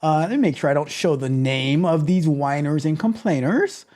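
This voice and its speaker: A man's voice: a little high, moderate pace, a little mellow. A man hosting a tech livestream who reads chat aloud in a theatrical, sarcastic way, full of playful mock outrage. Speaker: host.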